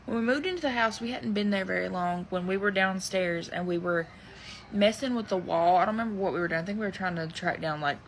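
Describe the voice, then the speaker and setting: A woman's voice: mid-range voice, fairly bright tone, a little hiss or hum, low-quality recording. A woman in a confiding, earnest way telling a creepy story she has rarely shared, stretching words for emphasis. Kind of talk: confessional storytelling.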